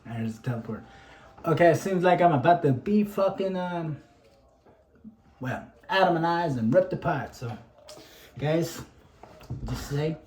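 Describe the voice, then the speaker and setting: A man's voice: fairly high pitch, animated, a little slow, long pauses, a little mellow. Rambling, cursing young man in an echoey room. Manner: rambling, swears a lot. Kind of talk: casual gaming chat. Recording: echoey room, faint background hum.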